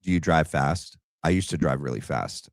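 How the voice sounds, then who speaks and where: Deep-voiced man, livestream host, blunt mocking reaction commentary, dry close sound. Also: animated, normal speed, creaky, dry recording. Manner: blunt, mocking, calls people names.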